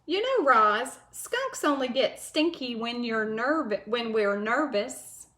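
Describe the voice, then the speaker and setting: Storybook skunk, female, woman reader doing the voice, high-ish and slow, eager hostess energy. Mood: friendly. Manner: eager, warm hostess, excitable. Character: friendly chatty female skunk. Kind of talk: children's book read-aloud.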